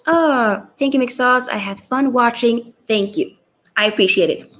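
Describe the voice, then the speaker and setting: A woman's voice: a little high, unhurried, fairly bright tone, low-quality recording. A woman hosting a live football watchalong, chatting casually and reading out viewer comments, tired after a long stream. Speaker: livestream host.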